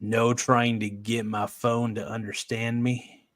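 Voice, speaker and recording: A man's voice: mid-range voice, level tone, takes it slowly, dry recording, studio quality. A man hosting a casual livestream, reading viewer comments aloud and laughing often. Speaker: livestream host.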